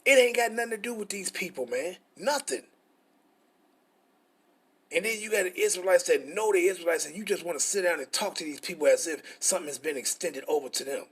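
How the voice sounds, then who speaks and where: A man's voice: high voice, animated, fairly quick, a bit bright, slightly rough. A middle-aged man, teaching scripture in a frustrated, profane, repetitive way. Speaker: preacher.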